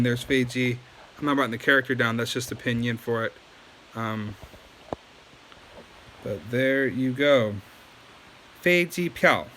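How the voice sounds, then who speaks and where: A man's voice: medium pitch, fairly bright tone, slight background noise. A man giving a casual video lesson, loose and chatty with many ums and likes. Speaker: language teacher.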